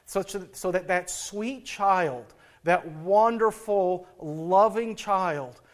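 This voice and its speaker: A man's voice: high voice, slow pace. A middle-aged man, a pastor, preaching a sermon in a folksy, storytelling way and chuckling at his own anecdotes.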